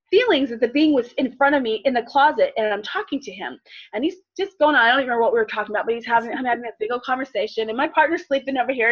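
High, husky-voiced woman telling stories. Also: muffled recording. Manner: animated, laughing, acts out voices in her stories. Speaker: guest, intuitive life coach and healer. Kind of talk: casual storytelling in an interview.

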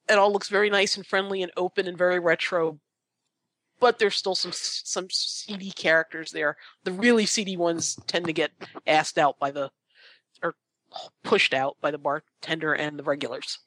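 Hesitant woman player, halting speech. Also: fairly low pitch, steady tone, a bit bright, dry recording. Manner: hesitant, halting, full of restarts. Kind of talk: casual tabletop play.

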